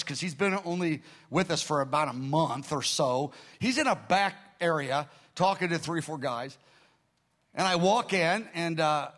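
A pastor telling a story from the pulpit, acting out the voices of the people in it, dropping to a near-hush at times and crying out at others. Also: male voice, a little high. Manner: animated storytelling, acting out quotes with dramatic shifts in loudness. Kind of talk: sermon storytelling.

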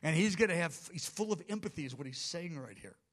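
Energetic, conversational male preacher. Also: fairly high pitch, fast. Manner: energetic, conversational teaching with sudden emphatic bursts. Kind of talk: sermon.

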